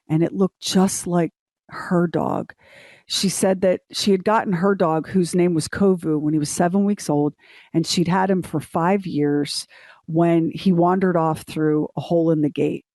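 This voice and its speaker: A woman's voice: lowish voice, dark tone, dry recording. A middle-aged woman co-hosting a morning show, telling a story in a casual, emotional way. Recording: dry studio sound.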